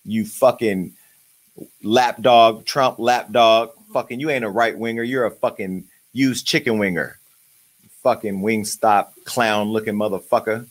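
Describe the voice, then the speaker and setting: A man's voice: fairly low pitch, fairly even intonation, a little slow. A man hosting his own show, ranting in a profane, joking and angry way. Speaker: show host. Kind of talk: uncensored comedic rant.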